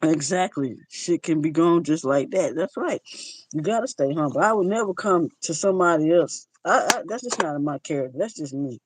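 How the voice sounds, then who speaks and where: A woman's voice: sits low, animated, a little fast, low-quality recording. A woman livestreaming in a loose, chatty way, answering her viewers' comments and talking straight to them. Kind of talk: casual live chat, answering viewers' comments.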